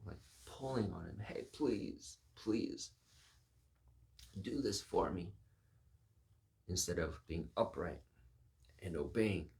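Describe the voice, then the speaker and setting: A man's voice: deep voice, vocal fry, a little mellow. A man giving a reflective, sermon-style talk, musing aloud and acting out quoted voices.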